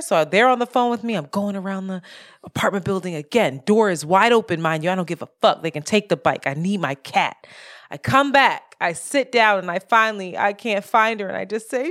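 A woman co-hosting a casual podcast, telling a story in an animated way with sudden jumps in pitch and plenty of swearing. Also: fairly quick. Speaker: podcast co-host. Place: apartment in Brooklyn, street sirens outside.

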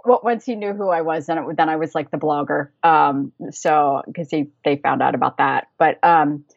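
A woman's voice: low-pitched, normal speed, gravelly, dry recording, dull audio. An American woman chatting as a podcast guest, rambling and laughing often. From United States. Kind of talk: casual chat.

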